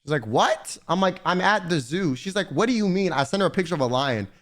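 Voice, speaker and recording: A young man streaming, chatting casually and swearing, slangy and animated as he rants to his chat. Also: sits high, fairly quick.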